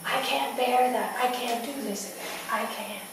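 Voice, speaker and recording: A woman's voice: on the high side, moderate pace, pitched above the performer's own voice, close to an everyday voice. A woman storyteller voicing a distraught woman in labor, pleading breathily in fear for her baby. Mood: despairing. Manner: breathy, pleading, breaking into cries. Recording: echoey room, distant mic, ambient noise.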